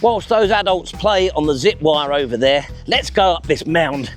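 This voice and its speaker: A man's voice: fairly high pitch, moderate pace, soft background music. A man hosting a vlog outdoors in a park, chatty, enthusiastic and self-mocking as he presents to camera. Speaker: vlog host.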